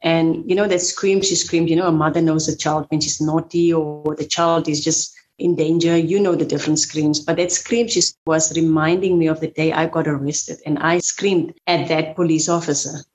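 A middle-aged woman giving a halting, emotional personal account as an interview guest. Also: low-pitched, fairly even intonation, a little mellow, low-quality recording. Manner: halting, repeats words, spoken fillers. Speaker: survivor guest.

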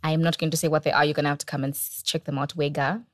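A woman from Zimbabwe co-hosting a podcast, playful and teasing, with quick asides. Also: low-pitched, flat delivery, no echo, clean studio sound. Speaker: podcast co-host. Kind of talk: casual chat. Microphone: shared mic passed around.

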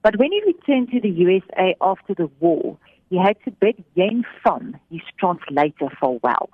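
A woman telling a faith story on the radio, animated, giving voice to the people in it. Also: lowish voice, normal speed, husky, dry recording. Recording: thin phone-like radio sound.

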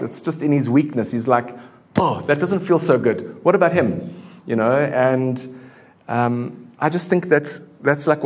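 A man's voice: medium pitch, a little mellow. Man preaching in a casual, chatty way. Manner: casual, conversational preaching with many fillers. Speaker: pastor. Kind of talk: sermon. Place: church.

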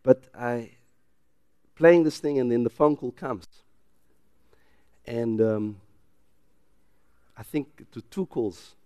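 A South African English-accented pastor with a smooth, medium-pitched voice preaches slowly, pausing often. He moves between loud emphasis and quiet personal stories in church, and the recording has no room sound.

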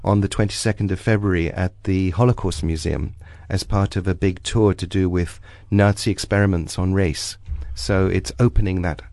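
A South African man with a very low voice speaks as a guest on a radio show, telling stories about his films. He pauses on ums and restarts his phrases. The studio sound is close and dry. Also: fairly even intonation, a little mellow, no echo. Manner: reflective, anecdotal, with frequent ums and restarts. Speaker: guest film director. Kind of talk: casual radio interview. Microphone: studio microphone.

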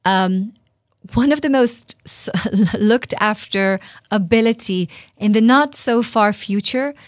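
A middle-aged woman with an Israeli accent, a guest in an interview, talking animatedly with frequent laughs and quick restarts. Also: medium pitch, no room sound, clean studio sound. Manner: animated, laughs often, restarts and repeats words. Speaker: author and guest. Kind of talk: conversational interview.

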